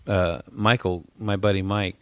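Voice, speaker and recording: A man co-hosting a podcast, chatting casually and cracking dry deadpan jokes. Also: low-pitched, unhurried, clean tone, no room sound. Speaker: podcast co-host. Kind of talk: casual chat.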